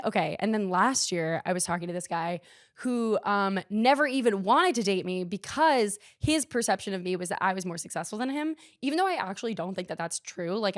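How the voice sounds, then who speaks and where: Here a young female podcast host chats casually, wandering through a self-mocking anecdote full of "like." The sound is dry, studio-grade, and her voice falls in the middle range.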